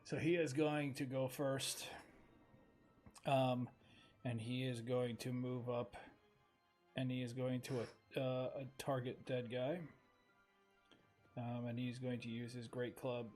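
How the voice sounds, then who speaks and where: A man running a tabletop game as game master, narrating haltingly with many ums and pauses. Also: mid-range voice, flat delivery, a little mellow, faint music behind. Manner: halting, full of ums and pauses while setting up.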